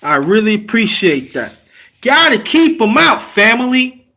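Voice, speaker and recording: A man's voice: sits high, very animated, measured pace, pushed and bright. A man hosting a casual livestream, preaching relationship advice to his chat and dropping to a whisper for emphasis. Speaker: livestream host.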